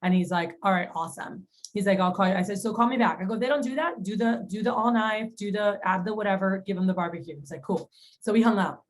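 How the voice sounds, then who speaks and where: Speaking quickly at medium pitch, a woman who manages sales tells stories during a training session, acting out phone calls with quoted lines. The audio is low quality.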